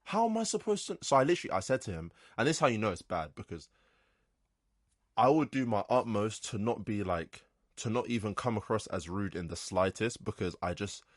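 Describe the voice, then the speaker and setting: Low-voiced young guy ranting. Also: brisk, dry recording, studio quality. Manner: animated ranting, frequent swearing and "like". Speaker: podcast host. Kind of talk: casual solo storytelling.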